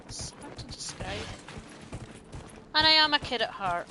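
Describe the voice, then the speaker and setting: A woman's voice: fairly high pitch, expressive, unhurried, bright, forceful tone, soft background music. A woman streaming a video game, chatting playfully and breaking into squeals and giggles.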